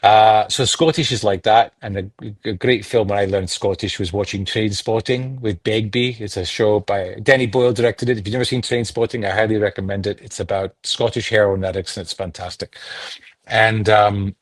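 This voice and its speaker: A man's voice: on the low side, fairly quick, dry recording. Middle-aged canadian guy, voice actor chatting, jumps in and out of accents, dry close sound. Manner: demonstrates accents, animated storyteller. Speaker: voice actor guest. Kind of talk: casual interview chat.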